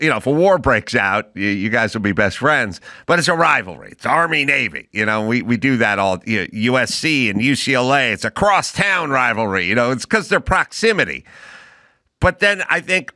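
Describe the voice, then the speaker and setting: A man's voice: mid-range voice, pushed and bright, dry recording, clean studio sound. A man hosting a casual chat, asking questions in a jokey, self-deprecating way. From United States. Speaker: podcast host.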